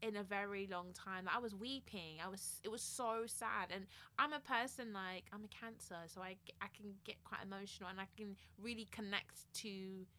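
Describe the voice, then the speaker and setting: Young woman, podcast co-host, casual chat, bright forceful tone, animated, acts out reactions. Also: medium pitch, normal speed, hardly any pauses. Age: 20s. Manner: animated, acts out her own reactions, laughs often.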